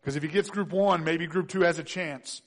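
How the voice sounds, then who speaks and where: A preacher playing an anxious younger brother who schemes his way out of trouble and now frets aloud about facing the past. The voice sits high for a man and comes out as nervous, pleading self-talk, told as part of a sermon. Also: normal speed, a bit bright. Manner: nervous, pleading, talking to himself. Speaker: pastor.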